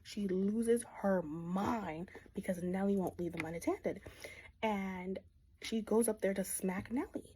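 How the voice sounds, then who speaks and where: A woman's voice: mid-range voice, measured pace, a little hiss or hum, low-quality recording. A young woman giving a casual, slangy book recap and acting out the characters as she goes. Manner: slangy, animated, acts out the characters. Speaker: book vlogger.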